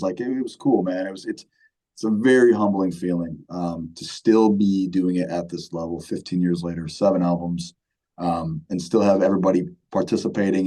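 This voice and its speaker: Brief: a laid-back male musician in his thirties, very deep and warm voice, rambling casual interview chat. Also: rough recording. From Michigan, USA. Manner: laid-back, many fillers and repeats, says "man" often. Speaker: band vocalist, guest.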